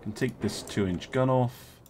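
There's slight background noise as a young man with a darkish, mid-range voice streams a strategy game. He comments casually, thinks aloud, chats with his viewers and fills pauses with plenty of ums and uhs.

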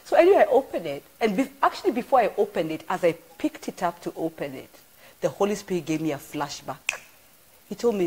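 Husky, low-pitched woman pastor; expressive, storytelling sermon delivery. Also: brisk. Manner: animated storyteller with exclamations. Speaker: church apostle. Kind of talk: informal live-streamed sermon.

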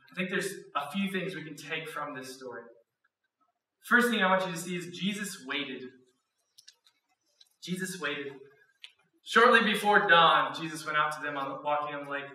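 A man preaching in a church auditorium, telling the story with animated quotes and frequent laughs. His voice sits high and sounds very bright. It rings through an echoey hall, picked up from some distance. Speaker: student pastor. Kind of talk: sermon.

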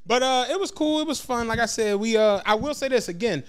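A Philadelphia man with a noticeably high voice and a Philly accent, co-hosting a podcast. He tells a trip story in a loose, profane way and breaks into laughter often. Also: animated, fairly quick, clean tone. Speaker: podcast co-host. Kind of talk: casual storytelling chat.

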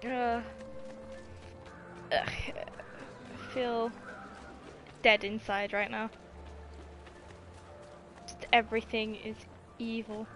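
Woman gamer host, unhurried exasperated chatter, faint game music behind. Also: fairly high pitch, flat delivery. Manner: exasperated, swears often, laughs at herself. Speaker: gaming video host. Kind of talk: casual let's-play commentary.

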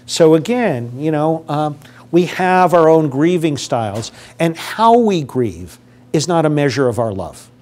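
Older man lecturing, a bit high-voiced. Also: lively intonation, a little slow, a little mellow. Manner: conversational, asks the audience questions and acts out quotes from grievers. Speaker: guest lecturer on grief. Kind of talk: public lecture. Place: lecture room with a live audience.

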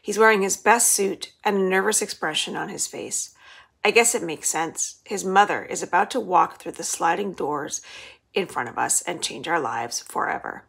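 A woman's voice: lowish voice, normal speed, vocal fry, slightly rough. A woman librarian reading the first chapter of a children's novel aloud, telling it expressively. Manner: expressive storytelling.

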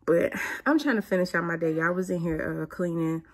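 Chatty low-voiced woman vlogging. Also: brisk. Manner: chatty, animated, breaks into high squeals of excitement. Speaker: vlogger, mother. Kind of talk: casual chat to camera.

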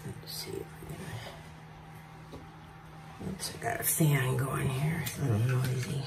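Lady bird breeder, slow mellow voice, coos baby talk, mic kinda far off. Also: extremely low pitch, fairly even intonation, vocal fry, background noise. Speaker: bird breeder showing a tame parrot. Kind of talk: casual bird-handling demonstration. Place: aviary indoors. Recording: roomy, from a distance.

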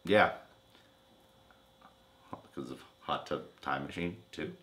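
A man's voice: a bass voice, slow pace, a bit bright. A young man co-hosting a trailer reaction video, trading crude, teasing jokes in casual chat. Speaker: co-host of a trailer reaction channel.

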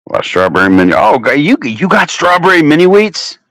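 A man's voice: brisk, no room sound. A man hosting a casual livestream chat from home, telling crude stories full of swearing. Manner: crude, profane storytelling with lively swings in pitch. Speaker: livestream host.

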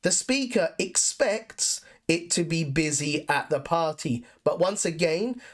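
A woman teaching an English lesson, explaining grammar clearly and reading example sentences aloud. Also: low-pitched, expressive, takes it slowly. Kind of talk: scripted lesson narration.

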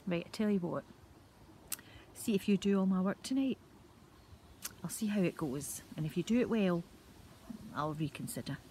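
A grandmother doing a cross little Scottish brownie, huffing and grumbling that he has had enough. He sits low in pitch and complains in an exasperated storybook way, with a faint hum behind. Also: animated, moderate pace, long pauses, mellow, close to an everyday voice. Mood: grudging. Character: grumpy grown male brownie, cross and huffy.

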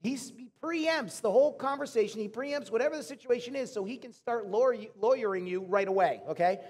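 High-voiced pastor preaching in a reverberant hall. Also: male voice, brisk. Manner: animated, chatty storytelling to the congregation. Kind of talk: sermon. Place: church auditorium.

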